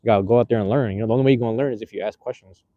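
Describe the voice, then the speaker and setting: Streaming outdoors on the street from a handheld phone, a man chats casually with his viewers in loose, slangy, rambling talk full of fillers and restarts. His voice is fairly low, mellow, and racing, and the sound is lo-fi.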